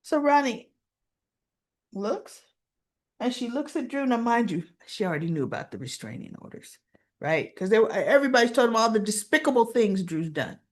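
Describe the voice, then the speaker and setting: A woman's voice: fairly high pitch, very animated, normal speed. A woman vlogger giving a casual, chatty recap of a soap opera episode, often stopping to ask "right?". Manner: chatty, conversational, keeps asking "right?".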